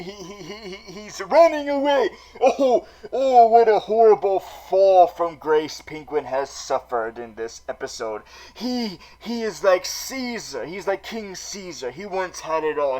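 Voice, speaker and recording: A melodramatic super villain vlogger, played by a man, hosting a comedic recap show. He stammers and repeats words in a high voice, swinging between gushing and grumbling. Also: a little mellow, rough recording. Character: theatrical male super villain vlogger, dramatic. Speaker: vlog host. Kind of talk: comedic in-character recap vlog.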